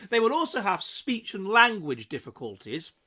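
A man's voice: sits high, very animated, moderate pace, sharp tone, slightly rough. A man giving a vlog commentary monologue, lecturing in a hesitant way full of restarts.

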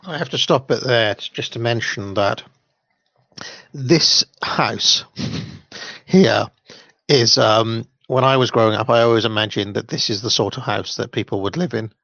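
Man, casual chat, gravelly voice, dry muffled sound, hesitant and joking. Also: mid-range voice, a little slow, a bit bright, no echo.

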